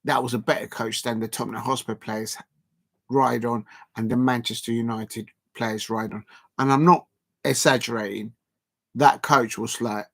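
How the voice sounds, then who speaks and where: A man chatting about football on his live stream in a mid-pitched voice. He talks in an emphatic, rambling way, often restarting his sentences and repeating points.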